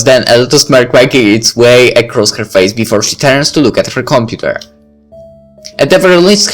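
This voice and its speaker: A man reading a visual novel aloud in first person, breaking off for casual asides. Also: mid-range voice. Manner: casual asides between narration. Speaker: let's play reader.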